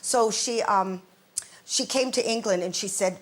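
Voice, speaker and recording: A woman guest on a comic panel show, telling funny family stories in an animated, husky voice. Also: medium pitch, unhurried. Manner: animated storyteller.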